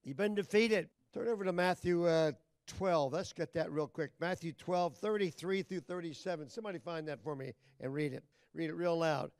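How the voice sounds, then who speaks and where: A man preaching a sermon as pastor, talking folksy and plain with loud emphatic bursts. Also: a little high, moderate pace, clean tone, dry recording.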